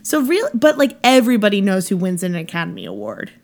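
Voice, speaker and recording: A woman's voice: medium pitch, wildly swooping pitch, fast. A woman co-hosting a comedy podcast, ranting in mock exasperation and laughing often. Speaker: podcast co-host. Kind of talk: casual comedic chat. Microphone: headphones on, home podcast mic.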